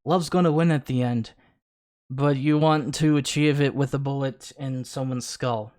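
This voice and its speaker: A man talking on his own live stream in a middle-pitched voice, reacting to a clip. He mocks and jeers at the person he is responding to, swearing freely in an offhand, sarcastic way. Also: steady tone, normal speed, a little mellow. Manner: mocking, sarcastic, profane. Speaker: streamer host. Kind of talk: casual live-stream commentary.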